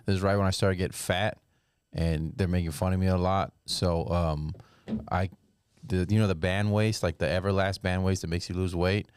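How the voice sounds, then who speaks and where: A man's voice: low voice, steady tone, normal speed, darkish tone, clean tone, dry recording, studio quality. A man co-hosting a comedy podcast, telling a self-mocking story in a rambling, casual way. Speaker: podcast co-host.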